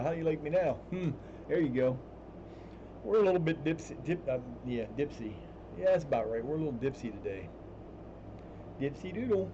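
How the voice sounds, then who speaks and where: A man talks his way through a live stream from home, chatty and quick to curse when his gear acts up. His voice bounces around a lot in pitch. The sound is muffled, with a steady hiss underneath. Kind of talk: casual live-stream commentary.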